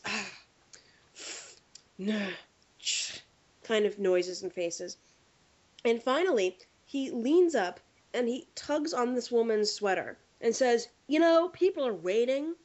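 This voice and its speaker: Animated woman host telling stories. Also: fairly high pitch, lo-fi sound. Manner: animated storyteller acting out quotes. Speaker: podcast host. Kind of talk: casual chat, anecdote telling.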